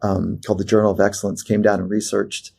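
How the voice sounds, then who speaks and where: A man, a performance psychologist, telling a personal story as a podcast guest in an animated way, with fillers and restarts. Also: lowish voice, fast, gravelly, husky. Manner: animated storyteller who acts out quoted voices, many fillers and restarts.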